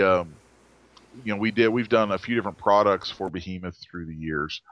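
A man's voice: low-pitched, a bit bright, no echo, highs cut off. A man designer telling stories in a casual interview, rambling with restarts and acted-out quotes.

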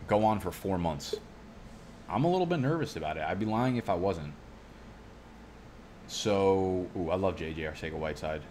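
Male streamer, low voice, loose and profane, tangent-prone chat. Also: a little hiss or hum. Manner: profane, rambling, goes off on tangents. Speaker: fantasy football youtuber. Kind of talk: casual live-stream commentary. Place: home studio.

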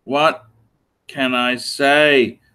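A man's voice: mid-range voice, steady tone, extremely slow, pushed and bright, smooth. A man in his forties hosting a casual livestream, rambling, repeating phrases, swearing playfully and reading out donor messages. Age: 40s. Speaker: livestream host.

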